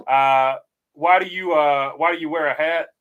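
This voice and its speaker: A man's voice: on the high side, normal speed, fairly bright tone, clean tone, lo-fi sound. A man hosting a casual livestream, reading viewer comments aloud and chatting easily with many "uh" fillers. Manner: frequent "uh" fillers, easygoing. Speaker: livestream host reading chat.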